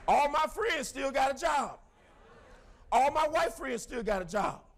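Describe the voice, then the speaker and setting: A middle-aged man giving a fiery, preacher-like motivational speech to a crowd, breaking into shouts. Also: very high voice, animated, measured pace, a little hiss or hum. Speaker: motivational speaker.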